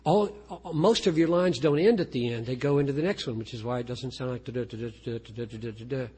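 A man's voice: fairly high pitch, brisk, dark tone, breathy edge. A man, a pastor, talking earnestly and self-deprecatingly about writing poetry, often restarting his sentences. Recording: long reverb of a large hall.

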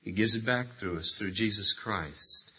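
A man preaching a sermon, emphatic and full of rhetorical questions, with sudden swings between loud and quiet. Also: lowish voice, husky. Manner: rhetorical questions, drawn-out phrases. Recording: dull lo-fi sermon recording.

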